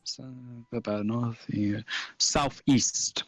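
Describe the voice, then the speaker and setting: A man narrating as game master in a casual, halting way with many fillers. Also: medium pitch, steady tone, no echo.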